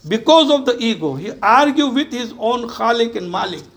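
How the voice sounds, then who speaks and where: A man's voice: very high voice, animated, moderate pace, a bit bright. A man preaching an earnest sermon to his congregation. He exhorts his listeners and repeats phrases for emphasis. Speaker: imam.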